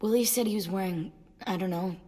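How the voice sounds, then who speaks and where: A woman's voice: medium pitch, a little fast, mellow, big-room sound, lightly acted. A woman voicing a guarded teenage survivor girl who talks bluntly, swears and sounds worried.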